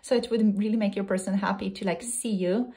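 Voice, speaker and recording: A woman at a middle pitch reads tarot cards in a loose, spoken way. She thinks aloud, circles back over her words and breaks into excited exclamations. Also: brisk. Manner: thinks aloud, repeats and restarts phrases. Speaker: tarot reader. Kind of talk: casual tarot reading to camera.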